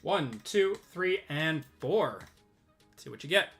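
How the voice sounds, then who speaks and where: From his desk, a man hosts a live sports card group break, upbeat, animated and chatty, reading out buyer names and laughing quickly and easily. His somewhat high voice comes across bright and forceful but a little strained, with faint music playing behind him.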